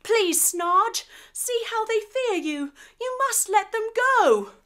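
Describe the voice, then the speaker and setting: A woman's voice: very high-pitched, lively intonation, takes it slowly, fairly bright tone, voice pushed up, exaggerated voice. A woman voicing a brave, earnest male space monkey hero in a kids' yoga story. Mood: pleading.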